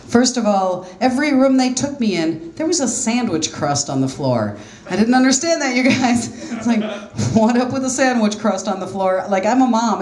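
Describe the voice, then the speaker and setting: A woman's voice: medium pitch, a little mellow. A middle-aged woman doing a stand-up comedy set, telling self-deprecating stories in a chatty, conversational way on a small club stage. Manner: self-deprecating, conversational storytelling with quoted voices. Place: small jazz club stage, live audience laughing. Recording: roomy club sound with faint ambience.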